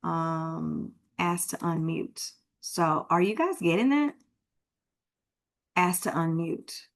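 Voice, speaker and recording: A woman's voice: lowish voice, lively intonation, slow pace. A woman with a Texan accent, a real estate broker teaching a live online homebuyer class in a chatty, informal way over a computer mic. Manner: chatty and informal, thinks aloud while fixing tech. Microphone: computer mic on a video call.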